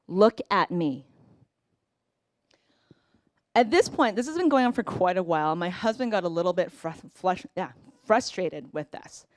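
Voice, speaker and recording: A woman's voice: on the low side, lively intonation, fairly quick, a little mellow, dry recording, clean studio sound. Earnest woman telling a family story. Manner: earnest, reflective, acts out family dialogue. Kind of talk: personal storytelling.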